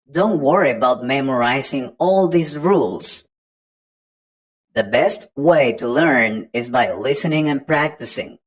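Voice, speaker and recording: A woman's voice: a bass voice, slightly rough, poor audio. A woman giving an online English pronunciation lesson, patiently explaining step by step to the learner. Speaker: English teacher.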